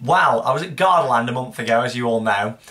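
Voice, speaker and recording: A man's voice: mid-range voice, animated, fast, bright, forceful tone. A young man hosting a casual show, answering viewer questions in a chatty, rambling way. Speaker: host.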